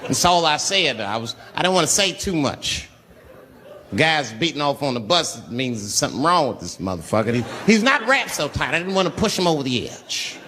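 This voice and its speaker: A man's voice: on the high side, very animated, fairly quick, sharp tone, a faint crowd, a little hiss or hum. A man doing stand-up, telling a profane story with lots of acted-out voices. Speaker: stand-up comedian.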